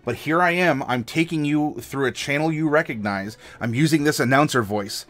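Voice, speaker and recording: A man's voice: on the high side, moderate pace, few pauses, a bit bright. An American man, a game master and streamer, giving tabletop storytelling advice in an enthusiastic, demonstrative way. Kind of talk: livestream advice chat.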